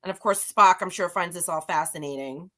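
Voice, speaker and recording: A chatty woman recapping a comic book in a casual, rambling way, laughing at herself as she restarts her sentences. Her voice is bright and fairly low. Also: a little fast. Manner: chatty, rambling, self-deprecating. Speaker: guest reviewer.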